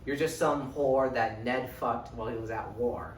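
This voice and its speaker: A man's voice: medium pitch, moderate pace, slight background noise, lightly acted. A man voicing a bitter, spiteful noblewoman mother, delivering curt, scornful lines. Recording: echoey room, distant mic.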